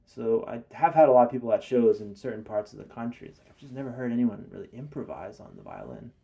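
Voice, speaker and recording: A man's voice: mid-range voice, expressive, fast, gravelly, dark tone, muffled recording. A man speaking as a guest in an interview, hesitant and casual, with many restarts. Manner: hesitant, lots of fillers and restarts. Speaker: guest musician.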